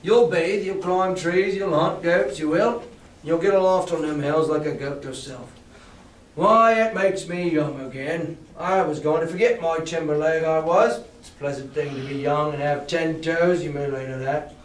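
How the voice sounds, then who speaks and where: A man's voice: on the high side, normal speed, recorded from a distance, lightly acted. Long John Silver, a man doing a hearty pirate. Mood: friendly. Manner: drawling old sailor talk, hearty. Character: old one-legged male pirate cook, sly and friendly. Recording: roomy classroom echo from afar.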